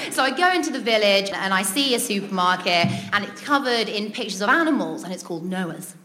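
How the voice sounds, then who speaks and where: Bright, giggly woman telling a story. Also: medium pitch, animated, moderate pace. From Britain. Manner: chatty, giggles between lines, many ums. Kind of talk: comic personal anecdote.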